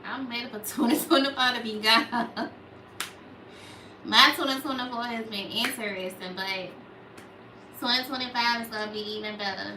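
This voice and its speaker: A young woman with a Memphis Southern accent talks casually to her livestream viewers in a small, rather high voice. She chats along and reads out their questions. The sound is roomy and echoey, as if she sits back from the mic. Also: fairly even intonation, normal speed, long pauses, distant mic, noisy background. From Memphis, Tennessee. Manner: chatty, reads out viewer comments. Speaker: livestream host.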